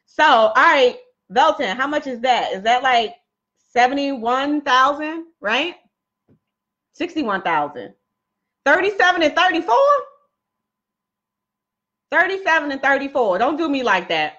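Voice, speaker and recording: A woman's voice: high-pitched, expressive, unhurried, fairly bright tone, dull audio. A woman coaching viewers on a casual live stream, chatty and laughing often, talking straight to her audience.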